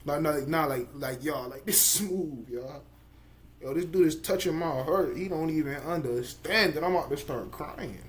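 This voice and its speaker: A man hosting a casual fight-sports podcast, excitable and joking, talking in loose slang. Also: fairly high pitch, normal speed. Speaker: podcast host. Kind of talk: casual chat.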